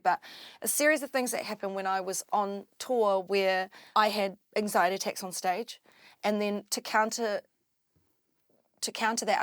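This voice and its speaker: A woman from New Zealand with a New Zealand accent, a drum and bass MC telling her story in an interview, halting, with many restarts and fillers. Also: no echo, studio quality. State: tearful at times. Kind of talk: candid interview talk.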